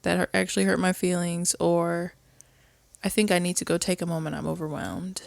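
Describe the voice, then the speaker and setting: Woman with a gravelly voice. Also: fairly low pitch, little pitch movement, brisk, dry recording. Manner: open and emotional, acts out little quoted exchanges. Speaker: podcast co-host. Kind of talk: casual chat.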